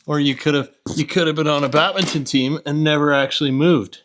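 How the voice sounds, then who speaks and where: A man's voice: fairly high pitch, moderate pace, pauses often. Rambling, joking man in a garage. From Canada. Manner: rambling, joking, self-mocking, muttering while he works. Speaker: home mechanic host. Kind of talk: casual workshop vlog. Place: garage, lying under an old vehicle. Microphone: camera set up nearby.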